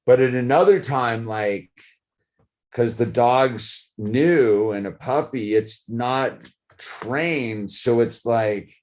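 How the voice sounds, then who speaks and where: A man's voice: medium pitch, slow, darkish tone. A middle-aged man, rambling casually to camera, full of "dude" and "like". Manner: rambling, says "dude" and "like" a lot. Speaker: vlogger.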